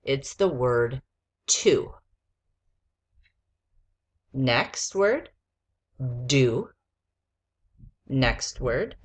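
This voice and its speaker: Woman, teacher, very low voice, patient spelling dictation, letter by letter. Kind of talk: slow spelling dictation lesson for a child.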